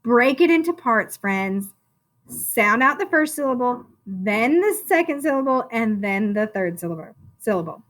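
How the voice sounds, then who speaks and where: A woman teaching a phonics lesson to first graders, sounding out words slowly and encouraging the children in a sing-song teacher voice. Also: fairly high pitch, big pitch swings, fairly bright tone. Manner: slow, drawn-out sounding out of words.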